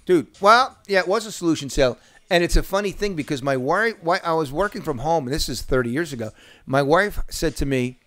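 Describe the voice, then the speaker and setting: A man's voice: on the high side, lively intonation, a little fast, bright, forceful tone, soft background music. Profane, boisterous storytelling man. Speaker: podcast host. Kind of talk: casual chat, storytelling.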